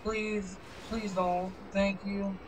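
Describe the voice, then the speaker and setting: A man's voice: high voice, flat delivery, extremely slow, background noise. A young man giving casual gameplay commentary, swearing and grumbling in frustration. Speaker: gaming video creator. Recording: game music playing behind.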